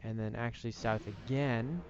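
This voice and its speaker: A man's voice: medium pitch, fairly even intonation, normal speed, highs cut off, noisy background. A man casually commenting while playing a game late at night, laid-back and self-deprecating, sounding tired. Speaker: gaming streamer. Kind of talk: casual let's-play commentary.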